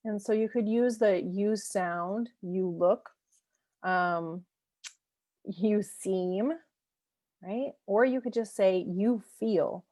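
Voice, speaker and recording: A woman's voice: medium pitch, slow, dry recording. Woman coaching parents, chatty and dry. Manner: warm conversational teaching, checks in with "right?"; laughs lightly between points. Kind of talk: recorded parenting lesson.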